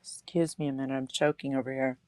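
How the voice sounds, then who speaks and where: A woman's voice: rumbling low, level tone, quick pace, mellow. A woman hosting a casual livestream craft demo at her table, chatty and laughing at herself.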